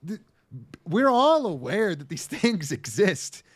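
Young man, podcast co-host, casual chat, profane, lively swinging pitch. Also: slow pace, breathy edge. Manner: animated, profane, acts out quotes in funny voices.

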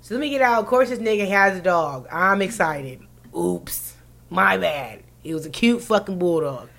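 Loud, profane woman telling a story. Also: lowish voice, normal speed. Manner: animated, profane, swings into loud laughing bursts. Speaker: podcast co-host telling a story. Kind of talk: casual storytelling chat.

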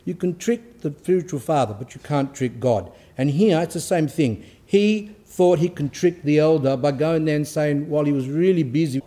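A man with a dark, mellow voice gives a spiritual teaching talk. He reads passages aloud, then breaks off into conversational asides and rhetorical questions for his listeners. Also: a little high, moderate pace, few pauses. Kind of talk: religious teaching talk, reading aloud with commentary.

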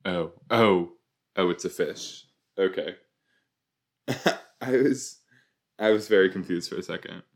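A man casually commenting while he watches a show, chatty and quick to exclaim or laugh. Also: deep voice. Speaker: reaction video host.

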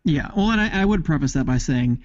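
A man's voice: a little high, expressive, fairly quick, no echo. Dry-humored man with a muffled mic. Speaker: podcast co-host. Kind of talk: casual chat.

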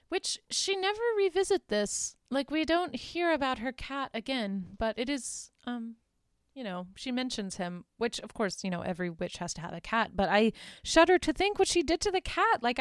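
A woman talks through a movie plot in a loose, gossipy podcast recap, full of laughs and fillers. Her voice is smooth and clear, at a middle pitch for a woman. The close mic gives a dry sound with no room around it. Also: no echo. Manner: chatty, laughs often, lots of "like" and "um"; playfully crude, acts out characters' lines. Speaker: podcast host. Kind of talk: casual film recap.

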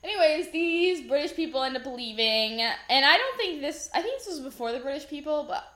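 Young woman, casual co-host, fairly high voice, swears, roomy echo. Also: big pitch swings, a bit bright. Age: young adult. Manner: casual, swearing, chiming in with quick agreement. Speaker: podcast co-host. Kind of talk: casual storytelling chat.

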